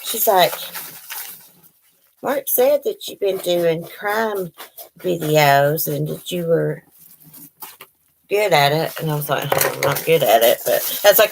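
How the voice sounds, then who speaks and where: A woman's voice: sits low, slow, vocal fry, long pauses, slight background noise, rough recording. A woman chatting casually to her viewers at home, gushing and apologetic. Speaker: vlogger opening mail. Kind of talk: casual chat to camera. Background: dogs barking now and then.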